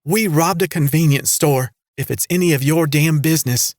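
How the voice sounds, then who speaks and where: A woman's voice: deep voice, measured pace, no room sound, studio quality, pitched above the performer's own voice. A man voicing a young female robber with a thick Southern drawl, brash and defiant in an audiobook.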